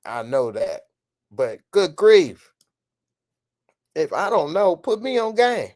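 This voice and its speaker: A man hosting a casual live stream, ranting emphatically as he answers viewers' comments. His voice sits a little higher than most men's, and his delivery is loose and conversational. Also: very animated, slow, a little mellow.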